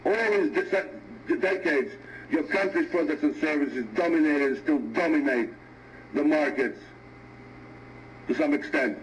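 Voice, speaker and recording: A man from Greece arguing in a video debate, speaking haltingly and refusing to swear. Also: fairly high pitch, a little hiss or hum, low-quality recording. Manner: hesitant, halting, avoids swearing. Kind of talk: heated argument.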